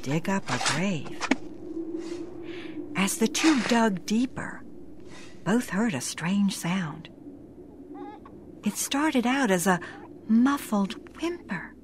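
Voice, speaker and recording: A woman narrating a scripted ghost story in a dramatic manner, slowing down for suspense. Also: medium pitch, animated, noisy background.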